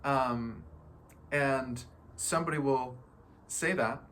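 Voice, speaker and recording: Speaking slowly in a mid-range, fairly bright voice, a man gives a playful, relaxed motivational talk on feeling good. He is a spiritual self-help speaker who laughs frequently and acts out others' voices. A little hiss or hum is audible.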